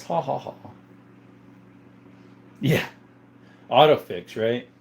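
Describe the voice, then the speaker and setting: A man's voice: medium pitch, darkish tone. Easygoing man hosting a casual livestream. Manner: easygoing, chuckles often, thinks aloud with fillers. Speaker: livestream host. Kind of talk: casual livestream chat, reading comments aloud.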